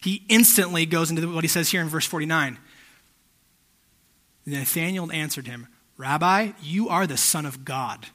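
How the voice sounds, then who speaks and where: Bright-voiced young man preaching casually. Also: a little high, normal speed, long pauses. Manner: conversational, checks in with listeners often. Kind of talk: casual sermon.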